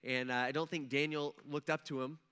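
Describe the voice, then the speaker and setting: A male pastor preaching a conversational sermon in a church, animated and checking in with the congregation with "okay?" and "right?". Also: a little high, fairly quick, clean tone. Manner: animated, acts out quoted voices, frequent "okay?" and "right?". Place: church sanctuary.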